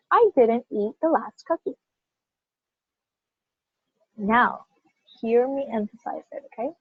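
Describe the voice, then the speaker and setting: Woman teaching a pronunciation class, kinda high and breathy, punches single words for stress, keeps asking "right?", dull lo-fi sound. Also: no echo. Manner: animated, stresses single words in example sentences; checks in often with "right?".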